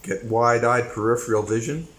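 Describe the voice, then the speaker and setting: A man's voice: mid-range voice, moderate pace, fairly bright tone, poor audio. A man hosting a commentary channel, delivering a rambling, opinionated monologue with sudden bursts of emphasis.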